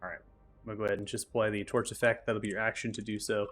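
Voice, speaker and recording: Low-voiced man running a tabletop game. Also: flat delivery, very fast, a bit bright, faint music behind. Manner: methodical, explains rules step by step. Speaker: game master. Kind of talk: narrating and ruling a tabletop game.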